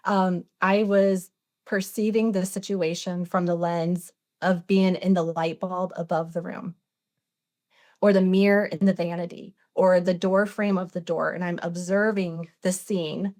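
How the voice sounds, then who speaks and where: A woman's voice: lowish voice, fairly even intonation, unhurried, a little mellow. A woman in her forties, a podcast guest, earnestly retelling a personal experience, acting out the dialogue as she goes. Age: 40s. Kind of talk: personal storytelling interview.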